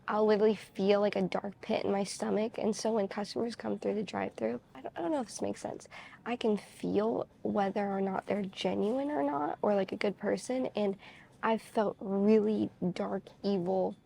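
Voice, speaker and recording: A woman's voice: medium pitch, steady tone, moderate pace, gravelly, warm tone, a little hiss or hum. A woman vlogger chatting casually to camera, rambling and candid, with lots of "like" fillers. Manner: candid, confessional storytelling.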